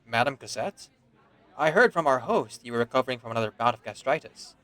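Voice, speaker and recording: A man's voice: mid-range voice, expressive, fairly quick, fairly bright tone, lightly acted. A man voicing a blunt, wary con man. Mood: guarded. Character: shrewd wary male con man from America.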